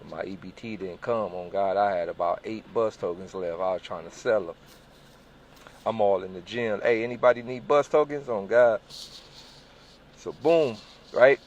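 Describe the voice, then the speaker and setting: A man telling a personal story casually and profanely, swinging between loud bursts and hushed lines, acting out the voices in his anecdotes. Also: lowish voice, highs cut off. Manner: profane, repeats "on God"; acts out voices in quoted dialogue.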